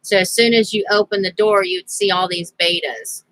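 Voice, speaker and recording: A woman's voice: mid-range voice, steady tone, normal speed, fairly bright tone, low-quality recording. A woman vlogger telling a rambling personal story in a casual, chatty way, laughing now and then. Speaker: crafting vlogger.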